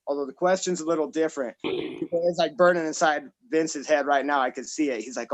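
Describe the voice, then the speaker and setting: A man's voice: fairly high pitch, steady tone, a little fast, poor audio. A man in his thirties from Colorado doing a stand-up set over a video call, rambling and self-deprecating with many fillers and restarts. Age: 30s. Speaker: stand-up comic.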